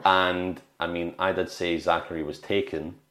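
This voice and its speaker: On a podcast with roomy echo, a male co-host with a low, sharp-toned voice talks at a moderate pace with flat delivery, casually reviewing a film and restarting often as he retells scenes.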